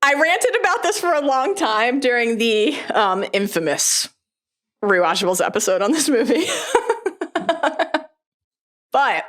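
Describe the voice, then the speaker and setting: A woman's voice: mid-range voice, a bit bright. A woman co-hosting a podcast in casual chat, rambling and self-deprecating, laughing often. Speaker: podcast co-host.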